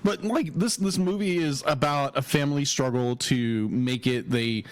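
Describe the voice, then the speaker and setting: A man's voice: mid-range voice, unhurried. A man co-hosting a podcast, recounting a movie in a rambling, enthusiastic way with frequent restarts. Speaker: podcast co-host. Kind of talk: casual chat.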